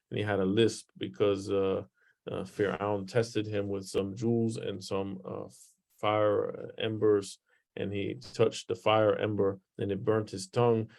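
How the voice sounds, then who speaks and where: A man's voice: fairly low pitch, gravelly, darkish tone. A man teaching a religious lesson in a conversational way, reading passages aloud from a book and explaining them with many fillers.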